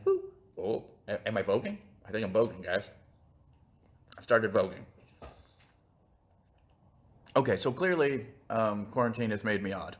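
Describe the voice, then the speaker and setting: A man with a fairly low voice rambles through a casual live stream, goofy and self-mocking. He talks while eating, recorded on a phone, and wanders loosely from thought to thought. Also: very animated, moderate pace. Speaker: channel host.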